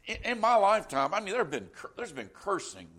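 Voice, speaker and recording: A man preaching a sermon in an earnest, halting way, restarting his phrases as he works out his point. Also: high voice, huge pitch swings, pushed and bright.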